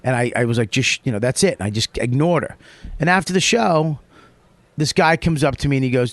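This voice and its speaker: A man hosting a casual podcast, telling a story with heavy swearing and lively retellings. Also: medium pitch, fairly quick, no echo. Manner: profane, rambling, animated when retelling. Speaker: podcast host.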